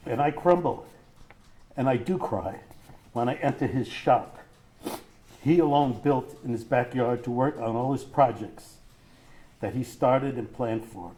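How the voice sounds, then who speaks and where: A middle-aged man reads a statement to a courtroom, his mellow, darker voice tearful and choked. He halts and breaks as he struggles through his grief, speaking as a bereaved father. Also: mid-range voice, slight background noise. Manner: grief-stricken, halting, voice breaking. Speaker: grieving father giving victim statement. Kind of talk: reading a prepared statement in court.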